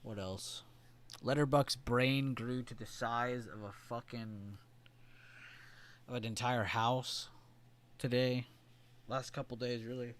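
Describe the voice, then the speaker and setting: A man talks loosely on a live stream, drifting from one joke to the next and swearing freely. His voice sits at an ordinary pitch for a man. He greets viewers and answers their comments as he goes. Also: steady tone, slow pace, long pauses, a bit bright. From United States. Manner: rambling, profane, joking. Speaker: live-stream trading host.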